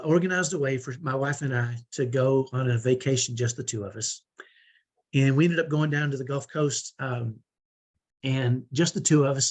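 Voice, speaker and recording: A man in his fifties giving an online parenting training, earnest, motivational and direct. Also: medium pitch. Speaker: parenting coach.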